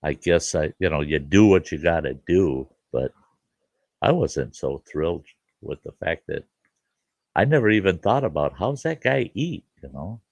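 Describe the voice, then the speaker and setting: Deep gravelly man telling folksy stories. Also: animated, normal speed, darkish tone, no echo. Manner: folksy, laughing storyteller who acts out quoted voices. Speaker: show host. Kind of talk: casual storytelling chat.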